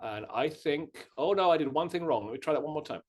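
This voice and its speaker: A man with a British accent giving a lively online history lecture with plenty of uh fillers. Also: fairly high pitch, brisk. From Britain. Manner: animated, self-deprecating, frequent uh fillers. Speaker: guest lecturer, history professor. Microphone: video call.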